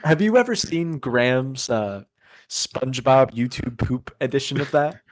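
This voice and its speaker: A man's voice: mid-range voice, animated, a little slow, dry recording. A man from the United States co-hosting a crude comedy podcast, joking and self-mocking, often trailing off and restarting. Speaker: podcast co-host.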